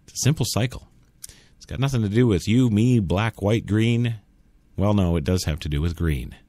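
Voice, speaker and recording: With a fairly low, dark voice at a moderate pace and no room sound, a man hosts a talk radio show. His opinionated solo monologue argues bluntly and sarcastically with imagined listeners.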